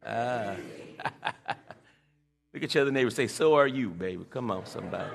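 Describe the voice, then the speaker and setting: A man's voice: medium pitch, lively intonation, normal speed, creaky, slight background noise. A man preaching a sermon, calling on the congregation to repeat lines and restarting his phrases as he builds a point. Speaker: pastor.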